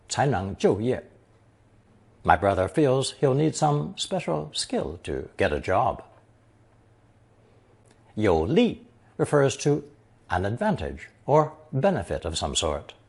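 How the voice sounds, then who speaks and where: A man narrating a scripted language lesson, slowly reading example sentences and then translating each one. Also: mid-range voice, vocal fry, a little mellow, slightly rough. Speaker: language teacher.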